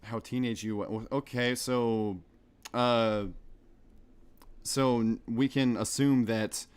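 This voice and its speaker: Young american dude reading a game out loud on stream, chatty rambling asides. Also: male voice, medium pitch, slow pace, smooth. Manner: rambling, animated commentary with laughs. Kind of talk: reading a visual novel aloud with commentary.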